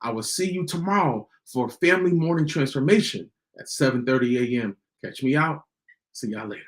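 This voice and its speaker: A man's voice: mid-range voice, fairly quick. A man hosting a podcast, giving a motivational talk in a preachy way and repeating lines for emphasis. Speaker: podcast host.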